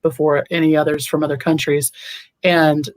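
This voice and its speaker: A woman running for office, answering interview questions in an earnest way, often pausing on ums and restarting her sentences. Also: low-pitched, little pitch movement, dry recording. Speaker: political candidate guest.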